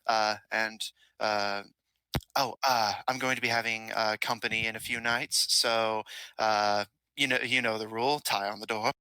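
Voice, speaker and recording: A man voicing a kindly adult male elf who is an adoptive father, speaking gently and wistfully with a teasing streak. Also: fairly low pitch, steady tone, moderate pace, clear, resonant tone, no room sound, poor audio. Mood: gentle.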